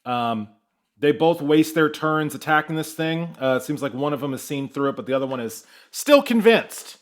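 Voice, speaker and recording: A man's voice: a little high, expressive, moderate pace. A man narrating as game master in a tabletop game, loose and conversational with frequent fillers.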